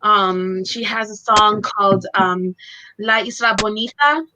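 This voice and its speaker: High bright woman, giggly, lots of ums, slow, bit of background hiss. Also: poor audio. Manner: giggly, hesitant, lots of fillers. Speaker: co-host. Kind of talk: casual chat.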